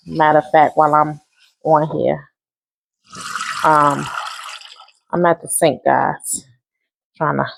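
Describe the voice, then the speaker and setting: A woman's voice: low-pitched, vocal fry, a little hiss or hum. A woman who drives a school bus, chatting casually while she cooks in her home kitchen, a laughing storyteller. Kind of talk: casual cooking vlog.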